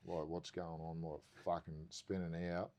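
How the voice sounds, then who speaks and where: A very low-voiced Australian man tells a story the way he'd tell it to a mate. He drifts and circles back as he goes, swearing in nearly every sentence, loose and animated. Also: normal speed. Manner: swears constantly, rambling and animated. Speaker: podcast guest. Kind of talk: casual storytelling.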